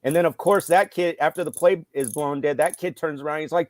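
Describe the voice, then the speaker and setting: Animated man yelling out his stories. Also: high voice, a little fast, no echo. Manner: animated storyteller, yells out quoted lines. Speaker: youth football coach. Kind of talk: casual chat.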